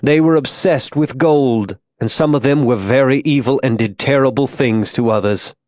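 Tormented frontier zealot, soft-spoken and fervent, read by a male narrator; dry, close audiobook voice. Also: mid-range voice, normal speed, no echo, lightly acted. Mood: preaching. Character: grown man, tormented religious zealot, gentle to a child.

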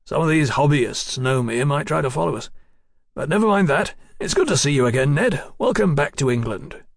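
A man's voice: a little high, animated, fairly quick, vocal fry, no echo, clean studio sound. A man voicing a cheerful, practical male engineer in an audiobook, talking heartily. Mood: hearty.

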